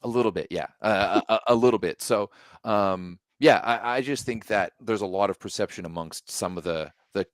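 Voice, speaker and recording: A man's voice: fairly low pitch, normal speed, no echo, clean studio sound. Rambling joking male podcast co-host. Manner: rambling, restarts often, joking and profane. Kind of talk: casual sports podcast chat.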